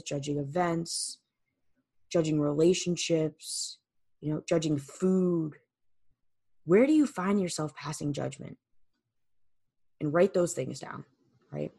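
A woman's voice: lowish voice, darkish tone, breathy edge. A woman hosting a solo podcast, talking candidly and casually, swearing freely and repeating words for emphasis into a microphone. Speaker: podcast host. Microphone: studio microphone.

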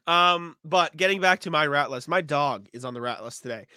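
A man's voice: on the high side, expressive, a little fast, pushed and bright, no room sound, clean studio sound. A young man co-hosting a casual sports podcast, sniffly from allergies, laughing often and joking loosely. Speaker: podcast co-host.

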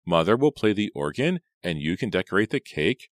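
A man reading aloud and voicing an excitable, gushing young woman in an audiobook. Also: fairly low pitch, a little slow, no room sound, studio quality, voice pushed up, full character voice. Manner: breathless, exclaiming.

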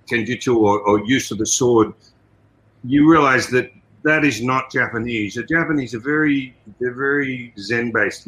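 Bright-voiced Australian man, animated guest. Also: mid-range voice, low-quality recording. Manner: animated storytelling with many "you know" asides. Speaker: guest, martial arts trainer and fight coordinator. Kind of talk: casual interview talk.

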